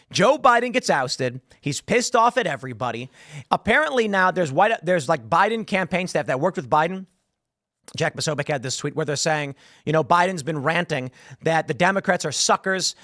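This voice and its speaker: A man hosts a political commentary show in a high, very lively voice that swings up and down. He riffs with sarcastic asides. The sound is close and dry. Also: no room sound. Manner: animated, sarcastic, riffing asides. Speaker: host.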